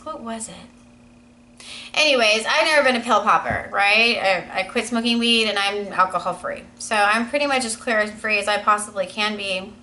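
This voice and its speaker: A woman's voice: medium pitch, fairly quick, few pauses, sharp tone, poor audio. A woman in her thirties talking to camera in a casual personal vlog, earnest and rambling, with many "you know" fillers. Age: 30s. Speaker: vlogger.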